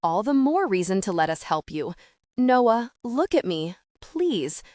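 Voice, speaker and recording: A woman reading an audiobook and voicing a gentle, motherly woman with a soft Southern drawl. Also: mid-range voice, big pitch swings, measured pace, no room sound, studio quality. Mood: tender, reassuring.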